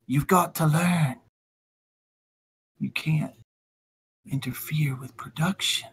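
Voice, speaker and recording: A man voicing a cruel, menacing tall male stranger who speaks in a low, quiet, threatening drawl. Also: fairly even intonation, slow, husky, heavily acted.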